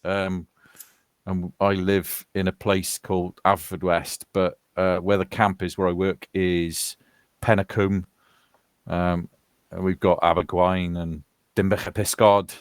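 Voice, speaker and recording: A British man in his fifties, originally from Wales, talking in a loose, rambling way over voice chat. His voice sits fairly low and sounds dry and close, with no room sound around it. He drifts between stories and asides. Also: level tone, unhurried, smooth, no echo. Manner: rambling, chatty, laughs while telling stories. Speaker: soldier chatting with gaming friends. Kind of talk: casual voice chat.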